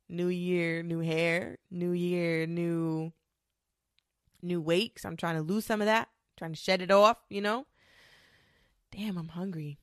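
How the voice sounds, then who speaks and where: Twenty-something woman ranting on her podcast, kinda low voice, swears a lot, super dry close sound. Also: fairly even intonation, slow pace, no room sound. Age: 20s. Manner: rambling, profane, sassy, with many fillers. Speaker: podcast host. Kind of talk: casual solo podcast monologue.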